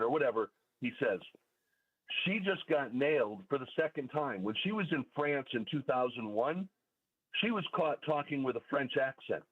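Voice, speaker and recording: A man's voice: medium pitch, expressive, normal speed. A man calling into a radio talk show, laying out his points methodically with frequent fillers. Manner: methodical, lays out points in order, with many fillers. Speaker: caller. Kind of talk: call-in radio commentary. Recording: phone-line caller audio.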